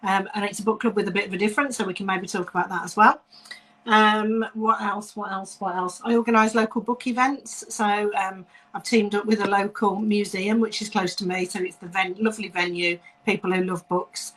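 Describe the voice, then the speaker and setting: A woman's voice: medium pitch, fairly even intonation, a little fast, a bit bright, low-quality recording. A woman from Staffordshire with a West Midlands accent, answering interview questions over a video call in a friendly way with many ums. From Staffordshire, England. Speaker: author and guest.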